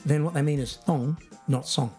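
A man's voice: on the high side, normal speed, mellow, faint music behind. A man with an Australian accent hosting a podcast, bantering in playful, punning improvised comedy. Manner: playful, punning, mock-earnest. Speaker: podcast host.

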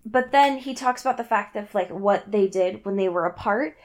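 A woman's voice: medium pitch, normal speed. A young woman casually recapping a story, laughing often and acting out the characters' lines. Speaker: co-host recapping a book. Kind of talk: casual chat.

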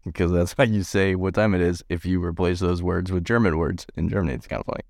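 A man with a very deep voice co-hosts a casual film podcast. He rambles and talks down his own jokes while clearly enjoying them. The sound is dry and close, with no room around him. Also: fairly even intonation, fast talker, a little mellow, no echo. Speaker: podcast co-host.

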